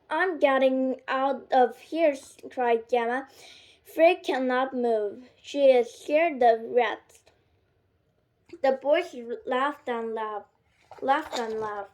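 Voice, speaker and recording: High-voiced woman reading haltingly. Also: darkish tone. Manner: halting, self-correcting reading. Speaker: reader. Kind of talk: reading a graded storybook aloud.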